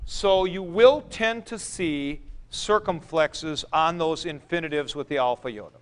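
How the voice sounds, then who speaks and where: A man teaching a classroom lecture, explaining deliberately with frank asides to his students. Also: a little high, clear, resonant tone. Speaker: Greek teacher.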